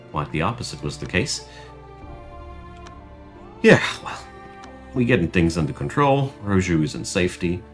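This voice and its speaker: A young man commentating his strategy game and ranting in frustration over bad luck. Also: low-pitched. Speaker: gaming channel host. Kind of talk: gameplay commentary.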